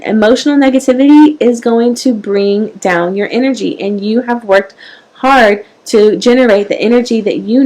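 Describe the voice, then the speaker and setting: A woman hosting a parenting show, giving an earnest, animated motivational talk straight to her viewers. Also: medium pitch, low-quality recording. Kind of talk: live-streamed motivational talk.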